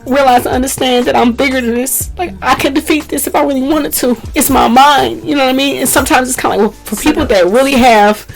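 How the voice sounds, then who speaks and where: A woman co-hosts a faith conversation and speaks earnestly about what she has lived through. Her words come quickly, with soft music playing faintly underneath. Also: high-pitched, creaky, low-quality recording. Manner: earnest, testifying about personal struggles. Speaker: co-host. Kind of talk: casual faith talk.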